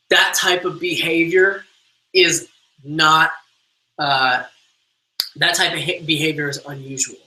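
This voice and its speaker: Male online trainer, bright, upbeat motivational delivery, loose and filler-heavy. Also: a little high, rough recording. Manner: energetic motivational coaching, many fillers. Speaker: team trainer. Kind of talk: live online training webinar.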